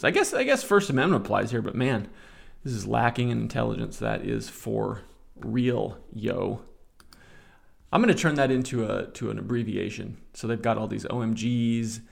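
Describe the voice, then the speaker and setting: A man's voice: medium pitch, gravelly. A man in his forties hosting a casual solo podcast, reading out comments and adding sarcastic commentary. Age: 40s. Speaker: podcast host.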